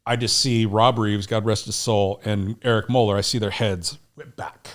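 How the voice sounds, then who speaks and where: A man's voice: on the low side, moderate pace. A middle-aged American man telling a war story in a podcast interview, casual and profane, acting out what people said. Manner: animated, profane war storytelling, acts out quotes. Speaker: guest.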